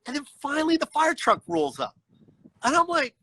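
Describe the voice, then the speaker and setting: A man with a high, bright, forceful voice tells a story over a video call, animated and acting out each person in it. The sound is dry and close. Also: moderate pace, no echo, poor audio. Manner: frequent "you know what I mean" asides. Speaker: guest storyteller. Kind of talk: casual storytelling on a livestream.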